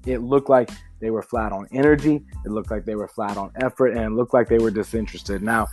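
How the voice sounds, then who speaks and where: A man's voice: lowish voice, a little fast, darkish tone, faint music behind. A man hosting a solo sports podcast in a casual, emphatic way, reading an ad and breaking down a game. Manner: casual, emphatic, swears freely. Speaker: podcast host.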